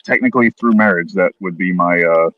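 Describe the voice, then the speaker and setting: A man's voice: low voice, brisk, narrow, tinny audio, a crowd in the background. A man casually telling a crude, funny story, swearing constantly and acting out what people said. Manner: crude, swears constantly, acts out quotes with voices.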